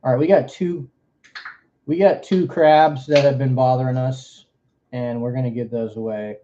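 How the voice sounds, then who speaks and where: A mellow, dark-toned man with a Southern accent rambles through a casual livestream, cracking jokes between giveaways. He is from Florida. The audio is a little muffled and lo-fi. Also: mid-range voice, steady tone, normal speed, a little hiss or hum. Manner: rambling, joking, drawling asides. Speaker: livestream host. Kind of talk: casual stream chat.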